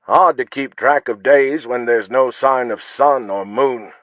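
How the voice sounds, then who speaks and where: A man voicing gruff adult male dungeon guards in an audiobook, a little louder and slower than his narration. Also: mid-range voice, no echo, natural voice. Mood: grumbling. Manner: louder, slower and slightly raised voice. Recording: dull lo-fi dry audio.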